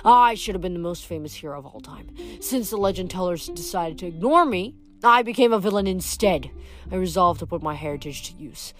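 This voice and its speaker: A boastful, scornful male pirate villain with a resentful edge, as a woman reading a novel aloud puts him on. The voice sits a little low, and faint music plays behind it. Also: lively intonation, brisk, natural voice. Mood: bitter. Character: proud bitter male pirate son of Medusa.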